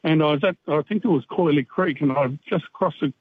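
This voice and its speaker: A man calling in to tell a story, unhurried and full of fillers. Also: fairly high pitch, husky, dry recording. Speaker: caller. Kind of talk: storytelling on a call-in. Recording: tinny phone line.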